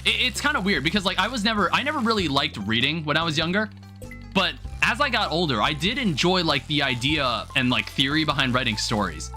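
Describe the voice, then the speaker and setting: Bright, lively young man streaming. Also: on the high side, a little fast. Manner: rambling, filler-heavy, thinking aloud, reads chat aloud. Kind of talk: casual live-stream chat while gaming. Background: faint game music.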